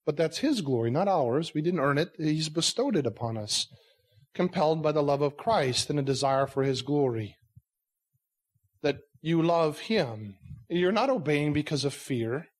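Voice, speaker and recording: A man's voice: on the high side, expressive, moderate pace. Earnest male pastor preaching. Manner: earnest preaching full of rhetorical questions; conversational asides. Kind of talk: sermon.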